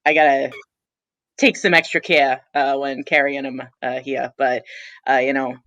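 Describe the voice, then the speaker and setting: A woman's voice: rumbling low, fairly even intonation, unhurried, a bit bright, no echo, pitched below the performer's own voice, exaggerated voice. A woman voicing a flustered man who stammers while guarding his apples, in a tabletop game.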